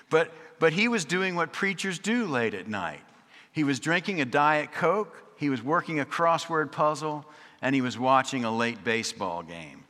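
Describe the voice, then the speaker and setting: Bright-voiced preacher in an echoing hall. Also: male voice, mid-range voice. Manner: wry, conversational storytelling with dramatic repetition. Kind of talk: storytelling sermon. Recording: long reverb of a large hall.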